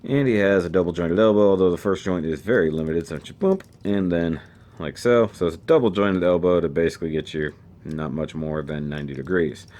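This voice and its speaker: A man with a very low voice gives a relaxed, chatty review of a model kit. He thinks aloud while turning the pieces over. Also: fairly quick. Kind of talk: casual product review.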